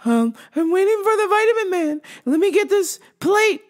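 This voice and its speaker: A woman voicing a confused customer in her sixties who rambles in halting, muddled phrases. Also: very high-pitched, very animated, pitched above the performer's own voice. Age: 60s. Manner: halting, muddled, repeats herself.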